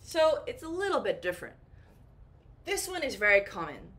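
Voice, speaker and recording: A woman's voice: a little high, very animated, moderate pace, a bit bright. A woman teaching a beginner English lesson, playful and acting out little example dialogues.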